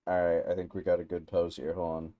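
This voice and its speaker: A man's voice: deep voice, monotone, brisk, lo-fi sound. A man streaming a game, chatting and joking casually. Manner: laughing, joking. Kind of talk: casual live-stream chat.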